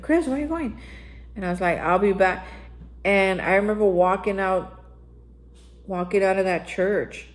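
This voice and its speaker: On poor audio, a woman with a fairly low voice hosts daily recovery reflections. She shares her own story candidly and conversationally, addressing her listeners directly.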